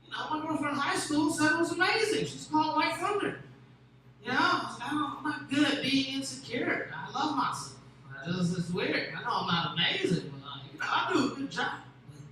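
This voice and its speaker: Young man, crude rambling storyteller; high voice, distant mic with faint hiss. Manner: crude, rambling, laughs often, swings from mumbling to shouting. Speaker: podcast host telling a story. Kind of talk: casual storytelling chat. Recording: echoey room, distant mic, faint noise.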